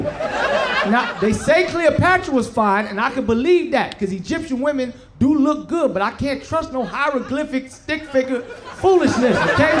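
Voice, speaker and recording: A young man doing a stand-up comedy set on stage, loud and streetwise, bantering with the crowd. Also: very high-pitched. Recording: live show, loud crowd laughter and noise.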